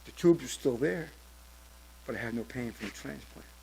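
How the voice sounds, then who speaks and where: A man in his seventies telling his personal testimony at church, in a halting storytelling way with many restarts. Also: mid-range voice, lively intonation, gravelly, noisy background. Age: 70s. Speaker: church member giving testimony.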